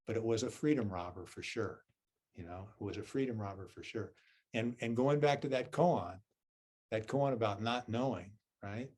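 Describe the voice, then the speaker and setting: A man's voice: lowish voice, a little mellow. A man with a Southern US accent, a Zen teacher giving a dharma talk. He tells a self-deprecating personal story and keeps checking in with listeners with "right?" and "okay?".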